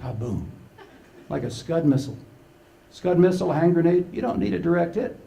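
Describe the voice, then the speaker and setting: A man's voice: fairly high pitch, lively intonation, normal speed, creaky, mellow, a little hiss or hum. An older man giving a humorous conference talk, telling playful stories and acting out the quotes. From Canada. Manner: storytelling, playful, acts out quotes. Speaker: conference speaker.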